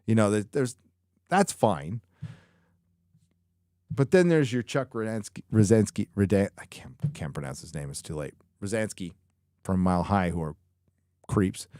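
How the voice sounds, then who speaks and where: A man's voice: lowish voice, lively intonation, moderate pace, long pauses, mellow, dry recording, studio quality. A man hosting a live show, chatting casually and rambling through viewer questions with lots of swearing and jokes. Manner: profane, rambling, joking. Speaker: live show host answering viewer chat. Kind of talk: casual live-stream chat.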